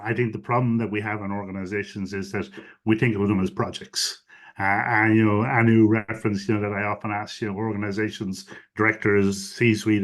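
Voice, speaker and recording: A man, a guest expert on a webinar call, explains his views fluently, sprinkling in many "you know" fillers. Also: fairly low pitch. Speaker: guest expert on digital strategy. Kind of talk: webinar interview answers. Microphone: video call.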